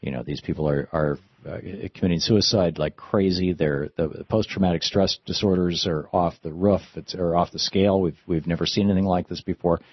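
A man's voice: low voice, steady tone, brisk, breathy edge, dry recording, highs cut off. A man hosting a call-in radio talk show, speaking in an opinionated, reflective way to his callers.

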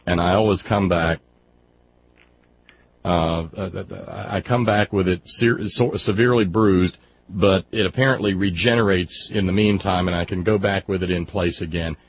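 A man's voice: low-pitched, steady tone, moderate pace. A man in casual political chat, wry and articulate, stammering through restarts. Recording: dull lo-fi audio with faint hiss.

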